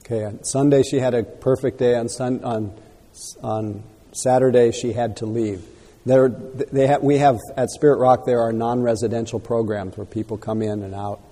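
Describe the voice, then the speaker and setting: A man leading a meditation Q&A, gently repeating a student's words back for the group. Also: mid-range voice, fairly even intonation, normal speed, long reverb tail. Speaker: meditation teacher. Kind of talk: dharma talk Q&A.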